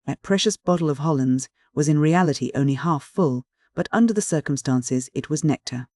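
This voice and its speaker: A man narrating a classic adventure novel in steady, clear first-person storytelling. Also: fairly high pitch, moderate pace. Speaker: audiobook narrator.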